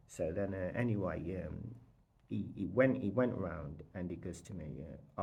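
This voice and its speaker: A British man telling a story to his vlog audience in a casual, rambling way, repeating himself and quoting others in lively bursts. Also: low-pitched, normal speed, vocal fry. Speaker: vlogger.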